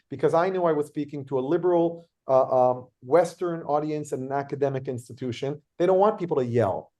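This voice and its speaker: A man leading a workshop, telling lively anecdotes and acting out quotes. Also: on the high side. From Israel. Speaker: workshop leader. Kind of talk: workshop talk with storytelling.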